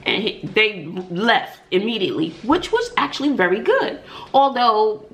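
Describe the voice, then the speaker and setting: A middle-aged woman hosting an eating show, chatting and telling stories between bites, with drawn-out "mm-mm" asides. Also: medium pitch, sing-song, fairly bright tone. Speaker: mukbang host. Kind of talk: chatty storytelling while eating.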